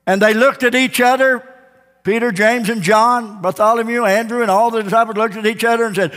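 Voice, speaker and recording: A pastor delivers an impassioned sermon in a very high, bright, ringing voice, keeping a steady tone at a slightly fast pace. He swings from booming declarations to hushed asides, and the sound echoes through a long, reverberant church hall.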